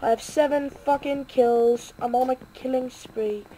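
A woman giving excitable, self-mocking live commentary while playing a game, swearing and cheering in bursts. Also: sits high, a little slow, noisy background. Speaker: gaming video creator.

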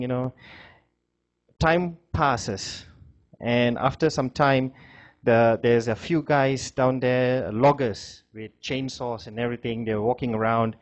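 A male lecturer speaks to a class in a mid-pitched voice. He talks loosely and conversationally, and he often repeats phrases and uses fillers as he moves through the story and its moral.

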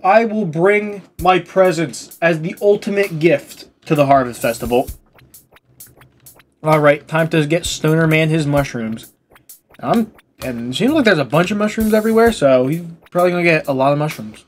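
A woman's voice: low voice, moderate pace, faint music behind. A woman giving gameplay commentary in a crude, joking, self-mocking way. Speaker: gaming video creator.

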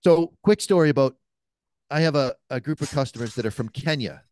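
Male podcast guest, mid-pitched and smooth, animated storyteller, dry studio sound. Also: fairly quick, no echo. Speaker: podcast guest, cigar shop owner. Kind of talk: anecdotal storytelling.

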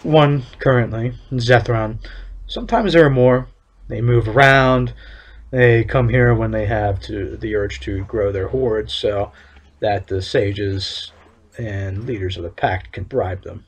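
A man voicing a stern male town overseer in a fantasy game, reading his lines in a formal, measured way. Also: lowish voice.

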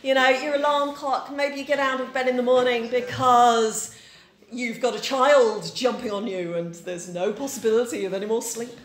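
With a steady tone on the high side and normal speed, a Yorkshire pastor in her forties delivers a conversational, story-rich sermon. She questions her congregation in a church whose room is noticeably echoey.

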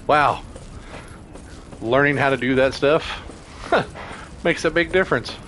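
A man hosting a let's-play, chatting to viewers as he plays and breaking into excited cheers, a bit out of breath. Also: mid-range voice, normal speed, slight background noise. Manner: chatty, talks to viewers while playing, bursts into excited cheers. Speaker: gaming channel host. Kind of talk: casual let's-play commentary.

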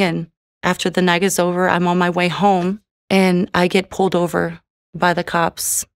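A woman's voice: on the low side, clear, resonant tone, dry recording, studio quality. A woman sharing her personal faith testimony in a church, telling her story in an earnest, heartfelt way. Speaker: testimony speaker.

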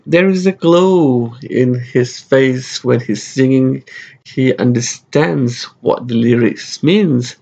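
A man's voice: medium pitch, creaky, darkish tone, breathy edge, muffled recording. A man hosting a casual music reaction video, chatty and laughing often.

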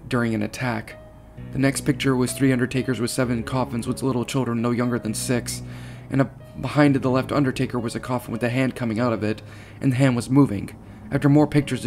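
A man reading a horror story aloud, steady, with small slips and restarts. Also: mid-range voice. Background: faint guitar music.

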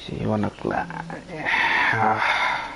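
A man's voice: on the low side, monotone, drawn-out words, creaky. A man in casual gaming voice chat, joshing with teammates and making callouts. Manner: joshing banter and team callouts. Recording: voice chat over loud game noise.

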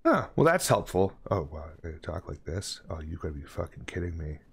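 A man streaming a horror game, joking with chat and reading on-screen instructions aloud, often dropping to a hush. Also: low-pitched, sing-song, a little fast, vocal fry, slightly rough. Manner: jokey, reads on-screen text aloud, drops to a hush. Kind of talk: casual gameplay commentary.

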